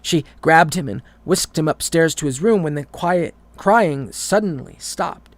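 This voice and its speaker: A man's voice: a little high, animated, measured pace, few pauses. A man reading a horror story aloud, often stumbling and repeating words.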